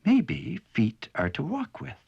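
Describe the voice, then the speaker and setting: A man narrating a children's cartoon in a gentle, expressive storybook manner. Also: on the high side, takes it slowly, creaky, highs cut off, noisy background.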